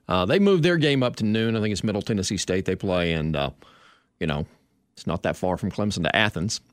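A man's voice: deep voice, a little fast, no echo. Guy hosting sports radio, bouncy storytelling, dry close sound. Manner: lively storytelling, chuckling.

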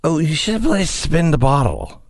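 A man's voice: on the high side, big pitch swings, a little slow. A man putting on the voice of a drunk, slurring woman politician for a comedy bit. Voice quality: slurred, rambling.

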